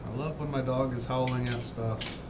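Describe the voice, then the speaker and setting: A chatty man with a North Dakota accent, talking at an ordinary pitch in loose, rambling, self-deprecating asides. He is streaming from home and the recording carries a loud, steady noise beneath his voice. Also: normal speed. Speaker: livestream host building a model kit. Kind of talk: casual live-stream chat. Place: home, indoors.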